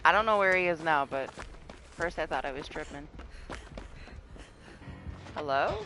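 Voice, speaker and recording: A woman's voice: low voice, unhurried, pauses often, rough recording. A woman streamer chatting casually while playing a game live, greeting viewers, swearing now and then and laughing often. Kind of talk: casual live gameplay chat. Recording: game music playing behind.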